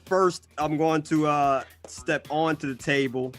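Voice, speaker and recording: A man's voice: a little high, fairly even intonation, a little slow, soft background music. A man playing a tabletop game, describing his moves in a hesitant way, full of fillers. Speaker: player. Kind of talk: casual tabletop game chat.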